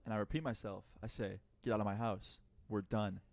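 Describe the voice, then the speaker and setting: A man's voice: fairly low pitch, fairly even intonation, fairly quick, creaky, very noisy. A man telling a personal story in a chatty, profane way, acting out both sides of the dialogue. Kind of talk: casual storytime narration.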